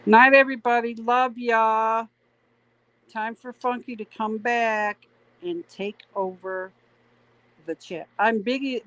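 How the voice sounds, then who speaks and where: Slow-talking chatty woman. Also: a little high, fairly bright tone, low-quality recording. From Canada. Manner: chatty, drawn-out, reads chat aloud. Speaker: stream co-host. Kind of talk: casual late-night livestream chat.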